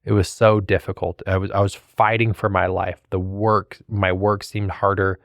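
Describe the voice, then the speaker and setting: A man with a low, gravelly voice talks straight into a close, dry-sounding mic. He tells his own story in an earnest, candid way, often acting out what he and others said. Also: flat delivery, normal speed, dry recording. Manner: earnest, reenacts conversations, many "I'm like" asides. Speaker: podcast host and coach. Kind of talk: solo storytelling, casual and candid.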